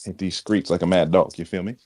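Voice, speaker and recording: A man's voice: low voice, fairly even intonation, a little fast, a little mellow, no echo, clean studio sound. A man co-hosting a live audio chat, joking and playful. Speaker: co-host. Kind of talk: casual chat.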